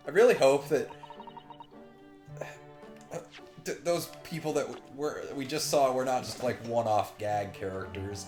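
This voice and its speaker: A woman's voice: a bass voice, unhurried, pauses often, a little mellow. A woman co-hosting a casual game playthrough, reading characters' lines aloud and slipping into playful voices. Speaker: let's-play co-host. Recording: roomy home recording with faint game music.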